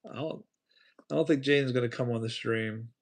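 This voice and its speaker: Male livestream host, gravelly, rambling chatty storyteller. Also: medium pitch, fairly quick. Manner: rambling storyteller, talks to chat by name. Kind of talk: casual livestream chat.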